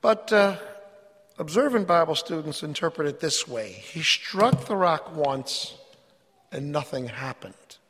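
Guy preaching a sermon, kinda high voice, earnest and emphatic, lots of echo around him. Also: lively intonation, measured pace, fairly bright tone, husky. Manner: earnest, emphatic, reads scripture aloud.

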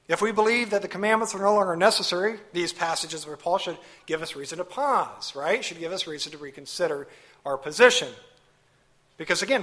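A male pastor delivers a sermon in a bright, forceful, somewhat high voice. He preaches emphatically, pressing points with rhetorical questions and leaning hard on key words.

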